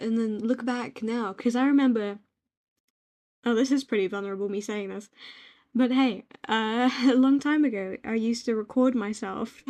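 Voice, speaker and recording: A young British woman gently rambling in a soft-spoken ASMR-style note to herself, reflective and quietly affirming, recorded on a home microphone. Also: a little high. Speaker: ASMR creator.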